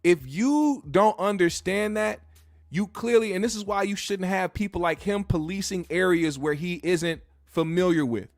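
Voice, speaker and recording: A man's voice: sits high, moderate pace, no room sound, studio quality. A male podcast host ranting in a blunt, profane, heated way. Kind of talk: casual opinion rant.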